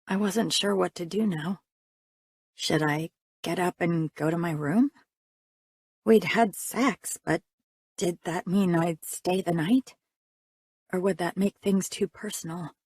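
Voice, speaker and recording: A woman's voice: fairly low pitch, vocal fry, a little mellow, husky, dry recording. A woman narrating a first-person audiobook in a reflective, conversational reading.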